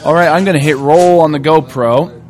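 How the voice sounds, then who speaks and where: A man's voice: on the high side, a little fast. A man co-hosting a podcast, giving joking play-by-play banter live at an outdoor eating contest. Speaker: podcast co-host. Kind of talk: casual live commentary.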